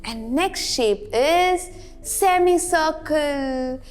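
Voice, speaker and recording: Slow, lively-voiced woman yoga teacher. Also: sits high, soft background music. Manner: slow, encouraging, playful, counts aloud. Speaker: yoga instructor. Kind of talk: guided kids yoga class.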